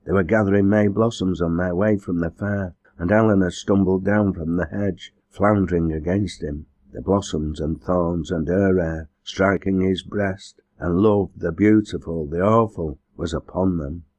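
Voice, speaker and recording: A man reading a novel aloud as an audiobook narrator, in a measured, earnest way. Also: low voice, steady tone, a little mellow, no echo. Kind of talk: scripted narration.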